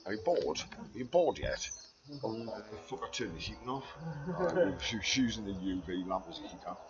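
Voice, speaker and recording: A man rambles through a profane monologue, very animated and brisk, shifting from low muttering to loud ranting. The recording sounds dull and lo-fi, with a faint hiss underneath.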